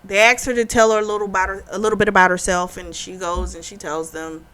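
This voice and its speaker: A woman's voice: medium pitch, flat delivery, quick pace, fairly bright tone. Chatty woman retelling a book's plot. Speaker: book reviewer. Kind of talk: casual spoken book review.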